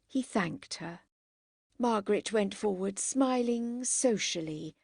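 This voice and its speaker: A woman reading a classic novel aloud as an audiobook, in measured, expressive scripted narration. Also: medium pitch, vocal fry, no room sound, studio quality.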